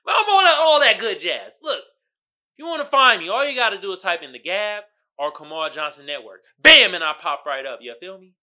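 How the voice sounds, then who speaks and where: A male podcast host riffs casually with his listeners. His voice sits high and swings widely in pitch. The tone is bright and sharp. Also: moderate pace. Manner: animated, joking, talks to the audience as "y'all". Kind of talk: casual solo podcast chat.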